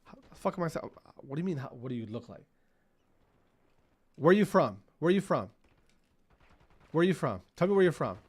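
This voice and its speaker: A man's voice: fairly high pitch, big pitch swings, normal speed, pauses often, breathy edge. Profane ranting male gamer. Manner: profane, ranting, repeats himself. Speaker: gaming streamer. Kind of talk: casual gameplay commentary. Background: gunfire from the game.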